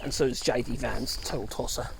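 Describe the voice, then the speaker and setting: A man's voice: medium pitch, fairly even intonation, fairly quick, gravelly, slight background noise. A middle-aged man chatting casually and sarcastically on a dog walk outdoors, full of exclamations. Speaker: channel host. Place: outdoors walking dogs.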